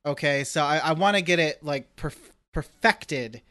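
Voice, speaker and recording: A man co-hosting a podcast, telling an animated story in casual chat and acting out his own reactions. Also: on the high side, measured pace, dry recording. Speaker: podcast co-host.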